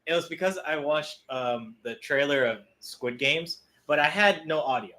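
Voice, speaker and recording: Man, stream host, casual chat, bright voice, slightly high. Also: lively intonation, moderate pace. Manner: chatty, laughs easily.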